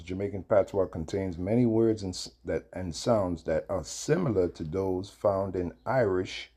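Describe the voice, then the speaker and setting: A man in his fifties hosting a video, chatting and reading aloud in a halting way with many fillers and restarts. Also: deep voice, animated, mellow. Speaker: video host. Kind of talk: casual commentary and reading aloud.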